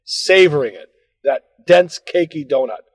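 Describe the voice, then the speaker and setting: A man's voice: fairly high pitch, animated, unhurried, in a large hall, low-quality recording. A man telling a rambling comic story about himself, scolding himself and swearing as the rants build. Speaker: podcast co-host telling a story.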